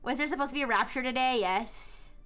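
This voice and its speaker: A young woman streamer talks loosely with her chat, reacting to messages and breaking into giggles. Her voice sits high and sounds bright and lively. Faint music plays underneath. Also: fairly quick. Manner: chatty, reads and answers chat, giggles often. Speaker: livestreamer. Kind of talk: casual livestream chat.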